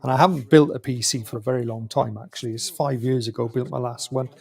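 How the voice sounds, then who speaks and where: British guy rambling live on stream, husky and a bit gravelly. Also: mid-range voice, steady tone, fast, a little mellow. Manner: rambling, self-correcting, chatty. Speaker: streamer building a PC. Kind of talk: casual live-stream chat.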